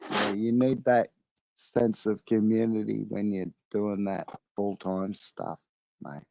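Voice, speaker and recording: A man talking slowly in a casual chat on a cheap headset, calling people mate and brother. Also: on the low side, steady tone, gravelly, warm tone, dry recording. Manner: slow, blokey, calls people mate and brother. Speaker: guest. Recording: dull, lo-fi headset audio.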